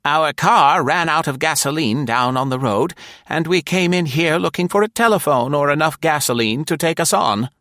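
A man voicing a calm, imperious older lady in an audiobook, speaking firmly and haughtily. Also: deep voice, moderate pace, no echo, studio quality, voice pushed up. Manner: firm, haughty questioning.

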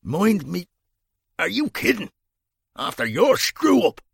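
A man's voice: sits high, huge pitch swings, creaky, slightly rough, no echo, voice pushed up, heavily acted. A man voicing a coarse, indignant criminal, swearing and complaining in a dry storybook reading. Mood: outraged. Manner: crude, swearing, quick to complain.

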